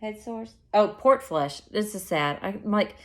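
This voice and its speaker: A woman's voice: medium pitch, lively intonation, measured pace. Woman, casual vlog chat, rambling, self-correcting, mid-range voice. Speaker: vlogger.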